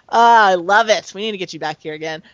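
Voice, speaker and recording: A woman's voice: medium pitch, dry recording, muffled recording. A woman hosting a gaming podcast in casual chat, giggling often and swearing freely. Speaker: podcast host.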